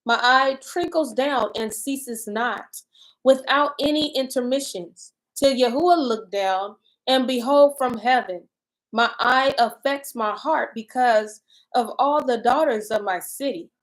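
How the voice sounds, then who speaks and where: A woman co-host who reads scripture verses slowly and then talks them over in casual, animated bursts. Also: fairly high pitch, rough recording. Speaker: co-host reading and discussing scripture. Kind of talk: scripture reading and casual discussion.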